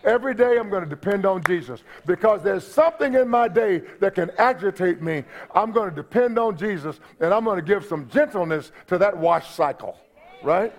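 A male pastor with a voice that sits high speaks animatedly at a moderate pace. His folksy, humorous sermon repeats its points and includes asides to the congregation, heard on a dull lo-fi church recording.

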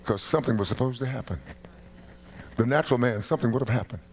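A man's voice: mid-range voice, fast talker, darkish tone. A middle-aged man preaching a sermon as pastor in a church, building to emphatic bursts of emphasis. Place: church sanctuary.

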